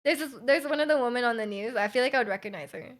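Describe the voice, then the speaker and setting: A young woman with a Canadian accent chats loosely with her viewers, her voice pitched slightly high. She rambles, restarts, and trails off, dotting her talk with likes and little laughs. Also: rapid-fire. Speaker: Twitch streamer. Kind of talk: casual chat with stream chat.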